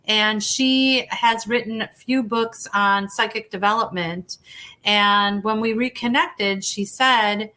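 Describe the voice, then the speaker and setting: A woman's voice: medium pitch, fairly even intonation, slow, sharp tone. A woman hypnotherapist telling her story in a casual interview, chatty, often restarting sentences and acting out the dialogue she quotes.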